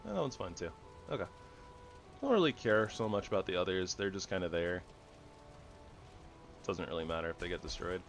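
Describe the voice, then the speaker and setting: Male gamer with a deep voice, relaxed rambling commentary that keeps correcting itself. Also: fairly quick, pauses often, faint music behind. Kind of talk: casual gameplay commentary.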